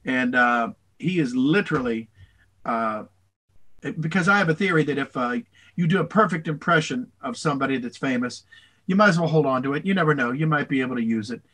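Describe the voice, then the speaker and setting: An older man, a voice actor, answering interview questions in a rambling, animated way, slipping into voices. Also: medium pitch, fairly quick. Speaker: voice actor guest.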